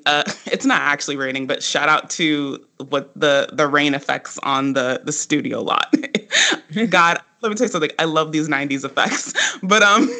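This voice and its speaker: A podcast co-host recapping a TV episode in casual, profane chat, full of "like" and laughter. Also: mid-range voice. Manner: animated and profane, lots of "like" fillers and laughter.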